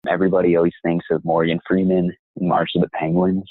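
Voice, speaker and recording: A young man, a voice actor, talking in a measured, reflective and encouraging way as an interview guest. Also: deep voice, level tone, slightly rough, dry recording. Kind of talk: interview conversation. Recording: tinny phone-like line.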